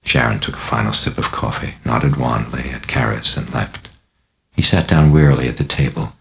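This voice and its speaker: A man narrates his own horror novel with a deliberate, dramatic delivery. His voice is extremely deep and full of gravelly fry. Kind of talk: audiobook narration.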